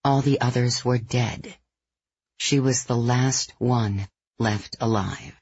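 Slow, husky audiobook narrator. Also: medium pitch, a little mellow, dry recording, highs cut off. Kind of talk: third-person audiobook narration.

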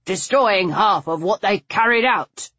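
A woman's voice: mid-range voice, expressive, a little slow, bright, forceful tone, breathy edge, dry recording, muffled recording, voice pushed up, exaggerated voice. A woman reading the part of an irritable older English aristocrat man who talks bluntly and grumbles. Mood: bitter.

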